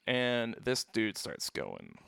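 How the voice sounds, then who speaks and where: A man's voice: mid-range voice, huge pitch swings, takes it slowly, creaky, fairly bright tone, clean tone, no room sound, clean studio sound. A young man in a casual chat, telling a rambling, profane story full of "like". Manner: rambling and profane, heavy use of "like". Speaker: touring band musician.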